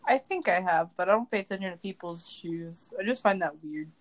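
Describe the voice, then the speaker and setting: A woman's voice: fairly low pitch, fairly quick. A young woman chatting casually, laughing and teasing as a listener. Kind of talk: casual chat.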